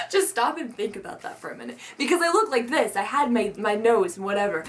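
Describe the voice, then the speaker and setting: A woman's voice: on the high side, expressive, fast. A young woman vlogger telling a story in a casual, profane rant, laughing often.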